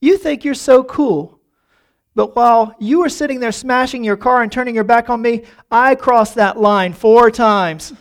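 A preacher voicing a calm, smug man in a sermon story, speaking slowly and deliberately. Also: mid-range voice, pitched above the performer's own voice, lightly acted. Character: calm smug man who outwits a bully.

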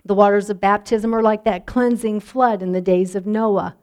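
A woman pastor preaching a sermon in a measured, reflective way, letting line endings drop softly. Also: medium pitch, steady tone.

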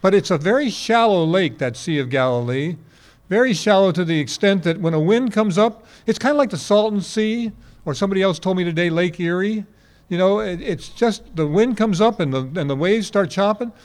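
A man's voice: sits high, lively intonation, a little fast. A man in his eighties preaching a sermon to a congregation, telling folksy stories and asking rhetorical questions. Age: 80s. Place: before a congregation.

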